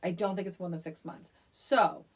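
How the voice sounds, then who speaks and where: A young woman co-hosting a casual movie podcast, talking in an animated, emphatic way with frequent restarts. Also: lowish voice, normal speed. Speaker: podcast co-host.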